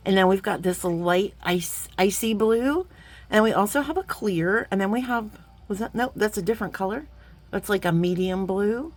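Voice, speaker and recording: A woman, chatting warmly to viewers as she gushes over beads in a casual unboxing vlog. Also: mid-range voice. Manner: chatty and gushing, talks to viewers as friends; sometimes drops to a playful whisper. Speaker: jewelry-making vlogger.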